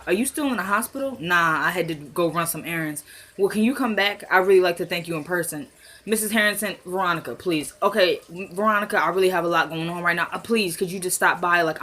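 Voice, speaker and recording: Bright-voiced woman recapping a show. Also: on the low side. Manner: chatty, retells scenes with quick voiced quotes. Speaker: TV recap vlogger. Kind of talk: casual episode recap.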